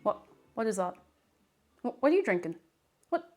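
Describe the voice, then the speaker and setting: A woman's voice: medium pitch, very animated, normal speed, soft background music. A young Irish woman chatting casually on a cooking live stream in her home kitchen, reading out viewer comments with playful asides.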